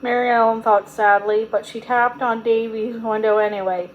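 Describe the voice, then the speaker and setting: A woman reading a children's chapter book aloud in a gentle, steady storytelling manner. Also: on the high side, moderate pace, muffled recording, a little hiss or hum. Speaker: storybook reader.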